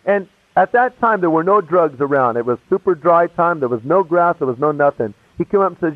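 A man's voice: on the high side, brisk, few pauses, dry recording, soft background music. A man casually and animatedly telling his conversion story, acting out the voices of the people in it. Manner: casual, animated, acts out every voice. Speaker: speaker giving a testimony. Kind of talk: storytelling testimony. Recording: tinny, phone-like, dry.

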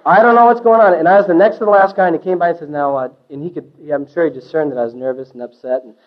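A man with a fairly high voice tells his church testimony like an animated storyteller, dropping hippie slang. He swings from loud bursts to hushed asides. The recording is dull and lo-fi. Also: racing. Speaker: testimony speaker.

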